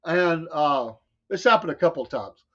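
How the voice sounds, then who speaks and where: A man's voice: a little high, expressive, normal speed, sharp tone. A man with a Southern US accent, co-hosting a talk show and telling stories in a casual chat, laughing often and quoting people in voices. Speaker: show co-host. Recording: dull lo-fi sound.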